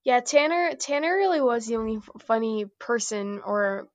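Woman podcast guest, high voice, meandering filler-heavy chat, dry close sound. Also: lively intonation, normal speed, no echo. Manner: meandering, hesitant, heavy use of "like". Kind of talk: casual chat.

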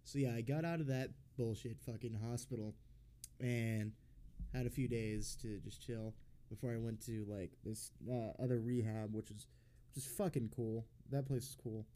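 A young man talks through a story in a loose, rambling way, packed with swearing and fillers. He is a podcast host chatting with friends, and his voice sits at an ordinary middle pitch. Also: fairly even intonation, moderate pace, dark tone, a little hiss or hum. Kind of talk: casual chat.

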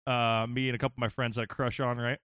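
A young man telling a funny story in casual chat, animated and laughing often, with frequent swearing. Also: mid-range voice, fast talker, clean tone.

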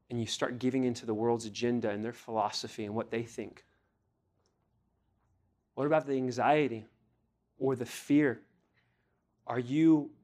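A man's voice: medium pitch, darkish tone. A young man preaching a sermon, reading scripture aloud and pressing his listeners with earnest questions, rising in emphasis on key phrases. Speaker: pastor.

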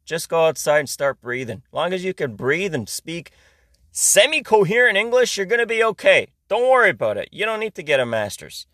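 A man's voice: high-pitched, very animated, a little fast, pushed and bright, dry recording. Ranting sarcastic man from Iran, dry sound. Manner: ranting, sarcastic, heavy swearing. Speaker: podcast host. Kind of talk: casual comedic monologue.

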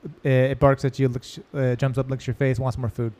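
A man's voice: medium pitch, level tone, brisk, a little mellow, a little hiss or hum. A man running a tabletop game as game master, narrating loosely with lots of fillers. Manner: loose and rambling, with many fillers.

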